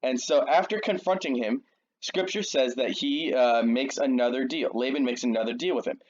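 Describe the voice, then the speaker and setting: A man's voice: medium pitch, normal speed, lo-fi sound. A man casually retelling a Bible story in a slangy, jokey, conversational way to a young audience. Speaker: youth storyteller.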